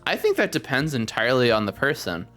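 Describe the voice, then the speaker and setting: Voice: mid-range voice, big pitch swings, fast talker, music in the background. A podcast host chatting casually on a livestream, rambling with lots of fillers and the odd swear word.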